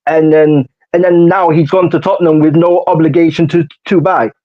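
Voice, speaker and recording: A man's voice: fairly high pitch, steady tone, moderate pace, lo-fi sound. A man co-hosting a casual football podcast who rants in slangy, repetitive bursts. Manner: ranting, repeats phrases, slangy. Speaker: podcast co-host.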